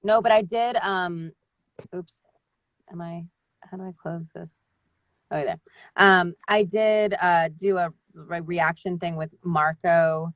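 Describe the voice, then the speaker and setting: A woman's voice: on the low side, takes it slowly, long pauses, dry recording, dull audio. A woman, a voice actor, chatting in a rambling way with lots of fillers on a video call. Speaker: voice actor guest. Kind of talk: casual live-stream chat.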